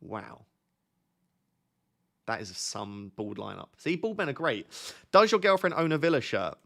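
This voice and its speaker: A man's voice: mid-range voice, sing-song, measured pace, gravelly, pushed and bright. A young man hosting a casual live stream, joking and reading out viewer comments. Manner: joking, reads chat aloud. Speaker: FPL streamer.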